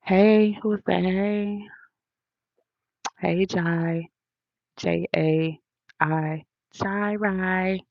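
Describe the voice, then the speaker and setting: A woman's voice: on the low side, fairly even intonation, drawn-out words, creaky, long pauses, dry recording, highs cut off. A woman hosting a livestream, answering comments in a blunt, profane, preachy rant full of slang.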